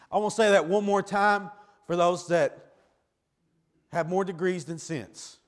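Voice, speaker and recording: A man, preaching to his church in a fairly high voice. His delivery is emphatic, dropping to hushed asides and then rising to loud cries. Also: moderate pace. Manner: emphatic preaching that swings between quiet low asides and loud raised cries. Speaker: pastor. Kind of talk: sermon.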